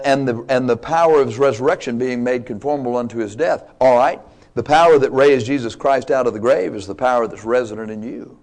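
A man preaching a sermon, emphatic and dynamic, with playful asides to the congregation. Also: mid-range voice. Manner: emphatic, swings between loud and quiet, playful asides.

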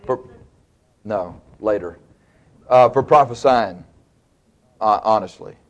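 A man's voice: lowish voice, takes it slowly, highs cut off. A man preaching a sermon, retelling stories in a folksy, colloquial, dramatic way. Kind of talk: sermon, storytelling.

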